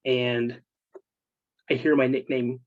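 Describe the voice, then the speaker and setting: A man's voice: mid-range voice, slow pace, dry recording, highs cut off. A man, a military veteran, casually telling ghost stories from his service and acting out his friends' voices. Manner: animated, acts out friends' voices. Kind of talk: casual storytelling.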